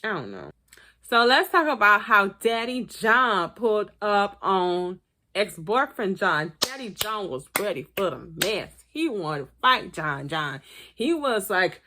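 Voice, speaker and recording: A woman giving blunt, profane, animated commentary as she reviews a reality TV episode. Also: mid-range voice, a little slow. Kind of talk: casual commentary vlog.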